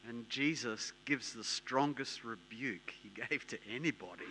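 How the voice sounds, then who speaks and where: A man preaching a sermon, emphatic and repetitive, dropping to a hush and rising to loud bursts. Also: mid-range voice, a little fast, few pauses, a little hiss or hum. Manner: emphatic, repetitive, swings between hushed and loud.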